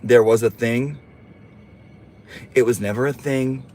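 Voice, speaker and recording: A man's voice: mid-range voice, measured pace, darkish tone, slight background noise. A man hosting a casual livestream, reading viewer comments aloud and teasing them in a sassy, campy way.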